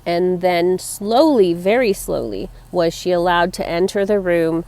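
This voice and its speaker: A woman's voice: lowish voice, a little slow, darkish tone. A woman talking casually to her viewers in a personal vlog, chatty and rambling, fond and tender as she talks about her pets. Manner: chatty and rambling, laughs between thoughts. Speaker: vlogger.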